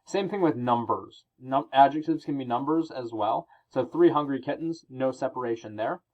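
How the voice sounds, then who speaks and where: Guy teacher walking through grammar rules, mid-pitched voice, kinda dull lo-fi audio. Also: darkish tone. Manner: explanatory, reads example sentences aloud with pauses. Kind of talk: recorded classroom grammar lesson.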